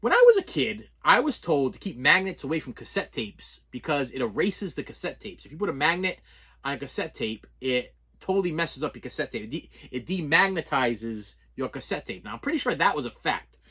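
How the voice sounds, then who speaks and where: Middle-aged male vlogger, slightly high-pitched, animated storyteller who laughs a lot and repeats himself. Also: fairly quick, breathy edge. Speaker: vlogger unboxing movies. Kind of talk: casual storytelling vlog.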